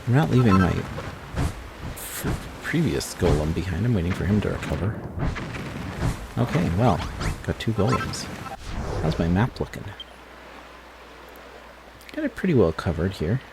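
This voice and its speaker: A tired American man giving relaxed, rambling commentary over his gameplay as the host of a gaming channel. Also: deep voice, a little slow, vocal fry, long pauses, noisy background. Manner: relaxed, rambling, self-correcting. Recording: loud game sound effects behind voice.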